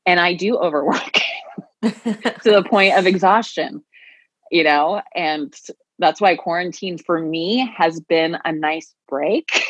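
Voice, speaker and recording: A woman's voice: lowish voice, takes it slowly, no echo, poor audio. A woman who teaches yoga and Pilates, telling her story earnestly as a podcast guest. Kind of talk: conversational podcast interview.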